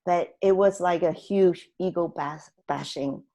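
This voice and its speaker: A woman guest on a talk show telling a personal story in an animated way, often laughing and acting out what people said. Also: lowish voice, measured pace, gravelly.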